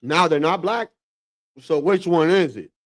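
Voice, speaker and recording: A man's voice: on the high side, measured pace. A man hosting a livestream, reacting in slangy, casual commentary and calling everyone bro. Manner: slangy, keeps saying bro, animated asides. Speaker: livestream host.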